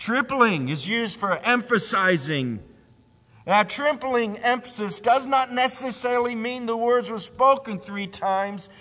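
A man preaching a sermon, emphatic, rising to loud cries and sinking to a low hush. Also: unhurried, long reverb tail.

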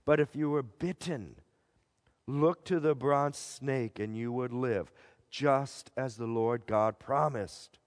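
A man preaching a dramatic storytelling sermon, swinging between loud declarations and hushed, low passages. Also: slow pace. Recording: long reverb of a large hall.

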